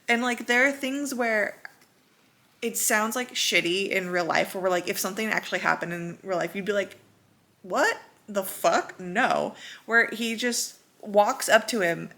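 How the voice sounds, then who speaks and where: A woman's voice: mid-range voice, fairly even intonation, a little slow, pushed and bright. A young woman vlogger casually rambling about a book she loves, swearing and acting out quotes. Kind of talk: casual chatty book review.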